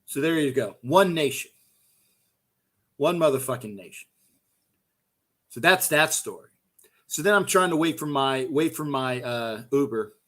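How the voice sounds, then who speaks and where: A man's voice: medium pitch, moderate pace, sharp tone. A middle-aged man hosting a fan show, ranting in a profane, fired-up way and often repeating himself. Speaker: host of a fan call-in show. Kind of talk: heated casual fan rant.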